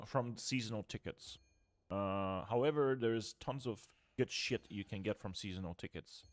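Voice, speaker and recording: A man's voice: on the low side, normal speed. A young man streaming a video game, explaining gear in a loose, chatty way that trails off and restarts. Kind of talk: casual gameplay walkthrough.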